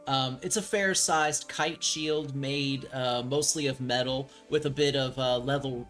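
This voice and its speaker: A man narrating a tabletop role-playing game as game master, relaxed and full of ums and likes. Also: medium pitch.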